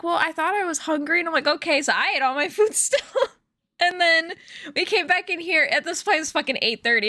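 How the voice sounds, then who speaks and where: A woman's voice: fairly high pitch, pushed and bright, no room sound, studio quality. A young woman streaming from home, chatting casually to her viewers in a rambling way with lots of fillers. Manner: chatty, rambling storytelling with many fillers and laughs. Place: home room.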